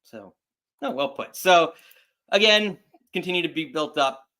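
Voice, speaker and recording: A man hosting a casual wrestling chat show, talking in a rambling, halting way with frequent restarts. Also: on the high side, bright, forceful tone. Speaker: podcast host.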